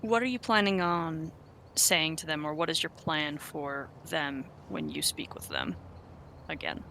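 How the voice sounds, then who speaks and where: A game master narrating a tabletop role-playing game, pausing often with fillers while describing the scene. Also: mid-range voice, animated, sharp tone, a little hiss or hum. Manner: hesitant, full of fillers.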